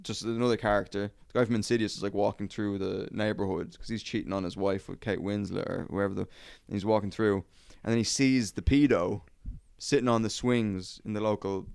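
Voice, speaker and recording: A young man hosting a podcast, telling a rambling, profane story in casual chat with quick acted quotes. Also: lowish voice, fairly even intonation, gravelly, a little mellow, clear, resonant tone, dry recording, clean studio sound. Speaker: podcast host.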